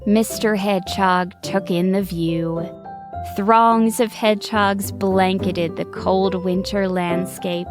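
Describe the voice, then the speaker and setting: Woman reading a kids' story, slow unhurried pace, faint music underneath. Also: medium pitch, steady tone. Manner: gentle, measured reading. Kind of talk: scripted narration of a children's story.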